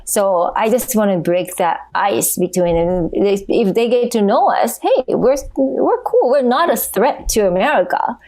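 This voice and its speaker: A woman guest on a casual podcast speaks in a mid-pitched voice. Her phrasing is non-native and she talks frankly and with animation. She laughs often as she makes her points. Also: lively intonation, unhurried, few pauses, darkish tone.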